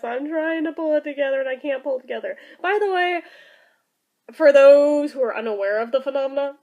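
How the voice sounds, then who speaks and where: High-voiced woman chatting on her vlog. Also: darkish tone. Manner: chatty and emotional, many fillers like "like" and "um". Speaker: vlogger. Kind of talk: casual vlog chat.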